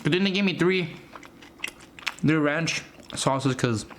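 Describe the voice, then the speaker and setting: A man's voice: a little high, slow, a bit bright, slight background noise. A man hosting a casual food vlog, chatting to his viewers between bites and then reviewing a movie. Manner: chatty, talks to viewers as "guys" while eating; eats between lines with food noises.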